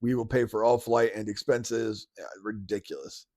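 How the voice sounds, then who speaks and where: A man's voice: fairly low pitch, fairly even intonation, normal speed, darkish tone, dry recording. Man, podcast host, casual slangy reactions, dry close sound. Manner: casual, slangy, laughing often. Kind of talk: casual commentary.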